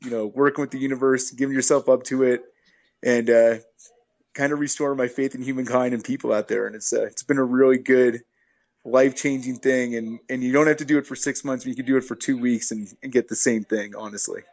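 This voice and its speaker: A man's voice: mid-range voice, fairly even intonation, a little fast, a little mellow, highs cut off. A man guest on a podcast, telling long stories in an easygoing, rambling way with many fillers and restarts. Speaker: guest, long-distance hiker. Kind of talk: casual interview storytelling.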